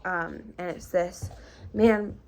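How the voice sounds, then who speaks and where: A woman's voice: lowish voice, steady tone, takes it slowly, vocal fry, darkish tone. A young woman vlogger telling a casual storytime, chatty and full of likes and ums. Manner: chatty, lots of likes and ums, half-laughing.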